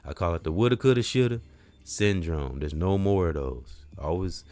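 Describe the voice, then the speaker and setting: His voice sits low with lively intonation as he hosts a podcast, talking at normal speed in an echo-free recording. The talk is a rambling, preacherly pep talk full of casual slang and repeated phrases, rising from quiet to loud for emphasis.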